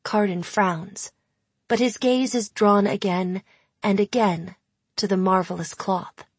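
Brief: female audiobook narrator, unhurried, soft and airy, dry studio sound. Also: mid-range voice, breathy edge, no echo. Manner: measured, intimate storytelling. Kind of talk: first-person audiobook narration.

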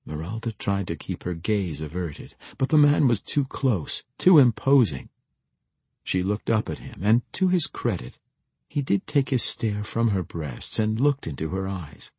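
A man narrating an audiobook with expressive, measured storytelling. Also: low-pitched, slightly rough, dry recording.

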